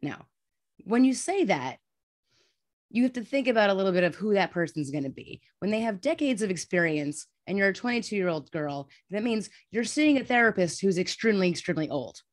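Blunt, chatty New York woman. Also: mid-range voice. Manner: blunt, fast, animated, many "like" fillers. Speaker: guest. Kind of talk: candid storytelling chat.

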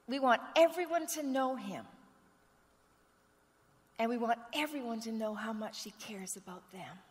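A woman pastor preaching a sermon with earnest storytelling, clearing a rough throat now and then. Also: on the high side, lively intonation, unhurried. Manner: earnest storytelling, acts out quoted dialogue. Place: church sanctuary. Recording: long reverb of a church sanctuary.

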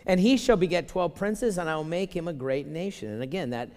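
A pastor preaching a sermon in a lively, conversational way, acting out quoted voices and joking with the congregation. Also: male voice, fairly high pitch, a little fast, long reverb tail. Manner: animated, acts out quoted voices and jokes. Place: church sanctuary.

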